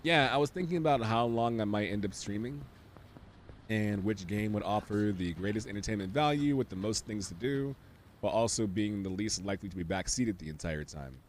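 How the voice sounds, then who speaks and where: Wry low-voiced male game streamer. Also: a little fast, slight background noise. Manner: wry, sarcastic asides with sudden excited outbursts. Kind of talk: casual gameplay commentary.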